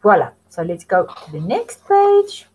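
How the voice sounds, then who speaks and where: Teaching young children French, a woman patiently and slowly models phrases for them to repeat, prompting in a sing-song manner. Her medium-pitched, a little mellow voice swoops wildly in pitch, and the low-quality recording has a little hiss or hum.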